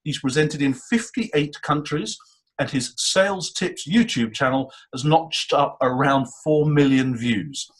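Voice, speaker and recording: A man's voice: medium pitch, measured pace. A man, hosting an interview with a polished, welcoming delivery. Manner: warm, polished presenter delivery. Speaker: host.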